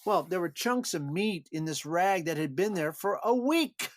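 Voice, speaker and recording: An older actor, a guest on an interview podcast, telling animated behind-the-scenes anecdotes with frequent chuckles. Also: male voice, high voice, moderate pace, a little hiss or hum. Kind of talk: storytelling interview.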